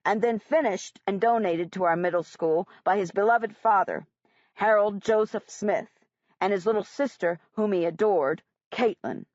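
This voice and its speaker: A woman voicing a middle-aged male school principal who speaks slowly and formally, in a storybook reading. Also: medium pitch, a little mellow, dry recording, lightly acted. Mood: solemn. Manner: slow, formal and ceremonial. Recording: dry, slightly dull audiobook recording.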